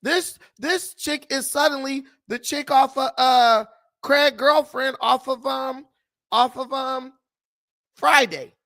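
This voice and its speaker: A man's voice: very high voice, slow pace, pushed and bright. A man hosting a political commentary vlog, talking in mocking, scornful asides. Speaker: commentary host.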